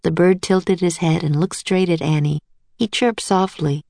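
A woman reads a children's storybook aloud in an even, steady narration. Her voice has a noticeable gravelly fry. The recording is dry and close. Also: on the low side, a little slow, no echo.

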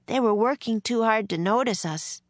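A woman's voice: a little high, normal speed, no echo, studio quality, voice pushed up, lightly acted. A woman voicing a bold, outspoken young girl in a storybook reading, urgent and pleading. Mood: earnest.

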